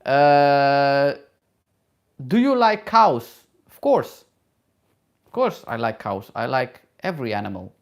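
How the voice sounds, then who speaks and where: A middle-aged man, a travel vlogger and hairdresser, reads viewer questions aloud in a live Q&A and answers in halting, non-native English with many fillers. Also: mid-range voice, sing-song, vocal fry. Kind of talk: live Q&A, casual chat.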